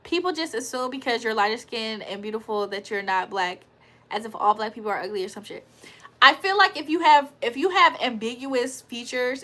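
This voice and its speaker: Woman livestream host, high and bright, playful and profane, banter with chat. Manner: joking, laughing, profane, reads chat aloud.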